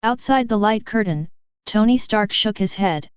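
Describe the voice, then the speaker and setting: A woman reading a fanfiction audiobook in a steady storytelling manner. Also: mid-range voice, normal speed, clear, resonant tone, dry recording. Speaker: audiobook narrator. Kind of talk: scripted narration. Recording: dry, dull lo-fi recording.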